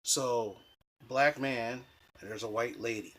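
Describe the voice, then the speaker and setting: A man telling personal dating stories in a casual, animated, rambling way, swearing freely and restarting sentences. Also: mid-range voice, takes it slowly. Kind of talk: casual storytelling.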